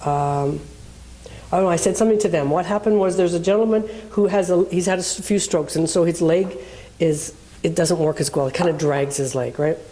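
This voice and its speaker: A woman's voice: on the low side, fairly quick, dark tone. A woman minister preaching in a conversational way, telling a personal story and acting out the people in it.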